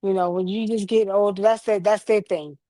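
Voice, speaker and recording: A woman's voice: mid-range voice, fairly even intonation, normal speed, dark tone, no echo. A woman in her fifties who hosts a spiritual livestream. She talks to viewers in an earnest, preachy but casual way. Her voice sounds close and dry, with almost no room around it. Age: 50s. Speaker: livestream host.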